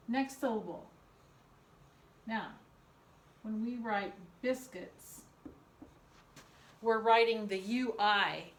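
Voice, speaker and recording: A woman teacher dictates spelling words to young children, sounding out every syllable with slow, careful deliberation. Her voice sits a little high and carries an echo from the room around her. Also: a little hiss or hum. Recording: echoey room.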